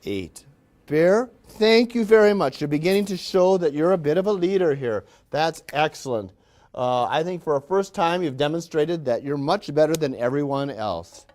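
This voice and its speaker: A man plays a self-important factory manager in a classroom role-play. The voice sits high and bright, and it is loud and sugary with condescension. He praises and scolds his workers in the same patronizing tone. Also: lively intonation, moderate pace, natural voice. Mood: scolding. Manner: falsely cheerful, condescending and scolding.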